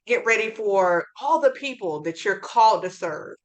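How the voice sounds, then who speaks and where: A woman's voice: mid-range voice, expressive, moderate pace. Encouraging woman co-host. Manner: affirming, faith-centered encouragement. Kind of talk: casual chat.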